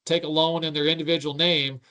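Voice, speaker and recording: Smooth-voiced man answering webinar questions. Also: on the high side, level tone, brisk, sharp tone. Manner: explains at length, with many filler "uh"s and "um"s; reads audience questions aloud, then answers them. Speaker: webinar presenter. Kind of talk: webinar Q&A explanation.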